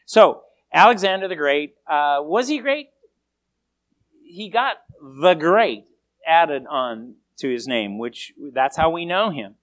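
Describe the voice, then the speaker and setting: A preacher tells a story in a sermon, and the voice rises and falls widely to keep listeners hooked. Lines often start over with a repeated word. The delivery stays animated and conversational. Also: medium pitch, slow.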